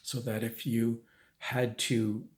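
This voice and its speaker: A man's voice: mid-range voice, level tone, slow. A man telling a true story in a casual, conversational way, with restarts and asides.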